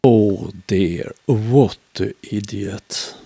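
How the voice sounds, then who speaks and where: A man's voice: on the low side, drawn-out words, gravelly, dark tone, slightly rough, no room sound. A man giving dry, dismissive voice-over commentary on a clip.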